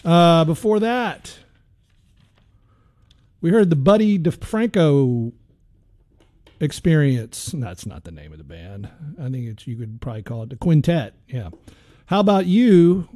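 Mellow-voiced man hosting a jazz show. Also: fairly high pitch, expressive, measured pace, pauses often, no echo, clean studio sound. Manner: rambling, easygoing, trails off with fillers. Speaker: radio jazz show host. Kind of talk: casual radio chat about records.

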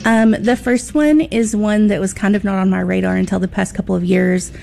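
Gravelly, mellow-voiced woman guest. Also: mid-range voice, steady tone, brisk, faint music behind. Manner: enthusiastic, chatty. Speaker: radio guest and fellow show host. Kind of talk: casual radio chat.

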